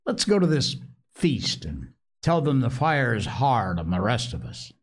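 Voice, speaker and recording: A man's voice: medium pitch, sing-song, measured pace. A man voicing a young schoolboy who wheedles his friends into going along. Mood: persuading.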